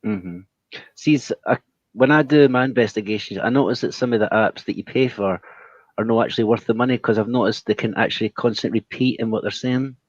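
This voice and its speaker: A man's voice: on the low side, brisk. A man hosting an interview, chatting casually about his own investigations. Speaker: interview host. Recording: dull, dry lo-fi sound.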